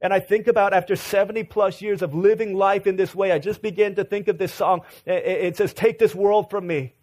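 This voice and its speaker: A man's voice: sits high, steady tone, fairly quick, a little mellow. A man preaching a sermon, telling a mission story with many restarts and rising to fervent emphasis. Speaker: pastor.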